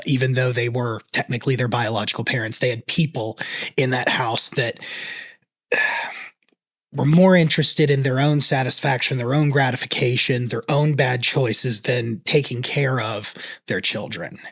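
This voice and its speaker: A man in his thirties gives an earnest, reflective reaction commentary, choked up and talking in halting bursts. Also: mid-range voice, fairly even intonation, a bit bright. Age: 30s. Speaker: reaction video host.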